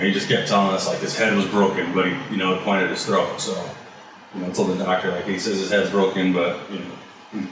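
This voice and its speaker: Deep-voiced man in a very echoey room. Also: background noise. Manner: loose and conversational, full of "you know" and "like", swears casually. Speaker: barbecue business owner, guest. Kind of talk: casual interview storytelling. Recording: very echoey room, voice far from mic.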